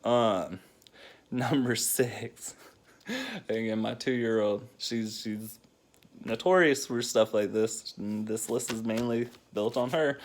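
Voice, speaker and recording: A man, a single father, hosting a casual countdown vlog, laughing often as he tells loose, rambling stories. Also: medium pitch.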